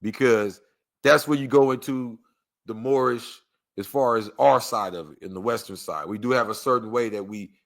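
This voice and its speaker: A man's voice: medium pitch, normal speed, creaky. A man hosting a podcast, chatting loosely and joking as he reacts to a video, now and then reading aloud. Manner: loose, joking, preachy asides. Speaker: podcast host. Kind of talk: casual reaction chat.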